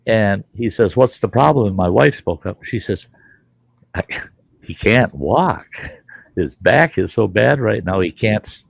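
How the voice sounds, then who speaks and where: A man's voice: mid-range voice, creaky, dry recording. A middle-aged man hosting a show, telling rambling stories with plenty of cursing and laughter. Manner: rambling, profane, laughs mid-story. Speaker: podcast host. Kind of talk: casual storytelling chat.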